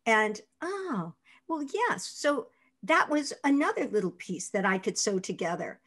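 An older actress, a guest in an interview, telling stories in a lively way, laughing often and acting out the lines of people in them. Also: female voice, medium pitch. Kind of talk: anecdotal interview storytelling.

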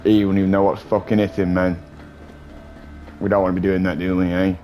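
A man's voice: sits low, level tone, a little fast, warm tone, faint music behind. Joking man streaming a game. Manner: joking, swearing, chatty banter with viewers. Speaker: gaming streamer. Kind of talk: casual gameplay commentary.

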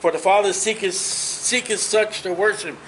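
High-voiced earnest male Bible teacher. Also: fairly even intonation, moderate pace, a bit bright, slight background noise, low-quality recording. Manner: earnest, emphatic, personal, talks straight to listeners. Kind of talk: conversational Bible study preaching.

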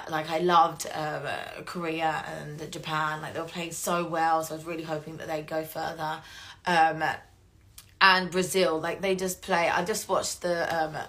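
Chatty English woman, low voice. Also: fairly bright tone. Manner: chatty, rambling, swears freely; gets emotional and laughs often. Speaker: voice actress hosting a fan Q&A stream. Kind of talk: casual live-stream chat.

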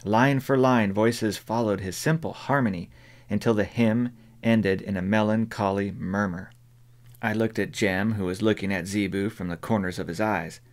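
A man reads a novel aloud as an audiobook narrator, with a measured, even delivery. His voice sits on the low side. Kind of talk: scripted narration.

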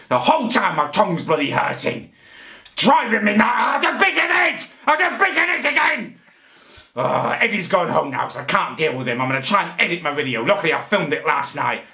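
A man's voice: fairly high pitch, sharp tone, reverberant. An English man ranting to camera in a comic, indignant, exasperated way. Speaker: vlogger. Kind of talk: comedic rant to camera.

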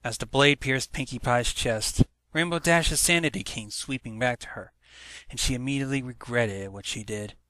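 A man narrating a fan fiction story aloud, with a lively read that jumps up in pitch. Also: normal speed, no echo. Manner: lively, leaps up in pitch on the intro.

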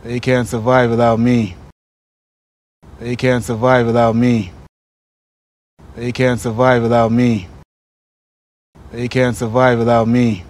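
An actor delivering film dialogue in a flat, even way. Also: male voice, mid-range voice, slow pace, pauses often, close to an everyday voice, low-quality recording. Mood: plain.

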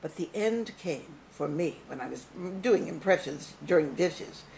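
A woman's voice: deep voice, measured pace, creaky, slight background noise. An older woman entertainer, reminiscing theatrically about show business at her home. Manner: theatrical, animated storyteller. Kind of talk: showbiz reminiscing to camera.

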